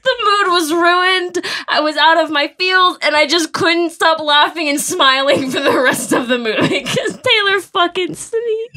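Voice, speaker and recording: A woman on a podcast who tells stories in a teasing, animated way. Her voice sits very high and sounds bright and sharp. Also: measured pace, hardly any pauses. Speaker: podcast co-host. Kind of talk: casual chat. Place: small recording room.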